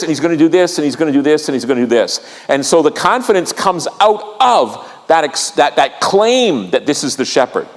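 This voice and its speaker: Male pastor, sermon, somewhat high voice, long church reverb, storytelling. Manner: vivid storytelling, asks the congregation to join in. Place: church sanctuary.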